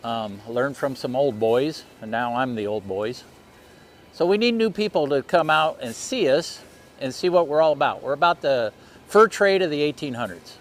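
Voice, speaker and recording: A man's voice: mid-range voice, animated, normal speed. Easygoing middle-aged man. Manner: easygoing, plain-spoken storyteller. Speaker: guest, historical reenactor. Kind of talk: casual interview.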